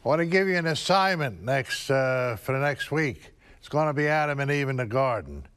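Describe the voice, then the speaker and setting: A man giving someone an assignment, retelling a story in a deliberate, plain-spoken way. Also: mid-range voice, sing-song, a bit bright, smooth. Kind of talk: casual instruction, retelling a story.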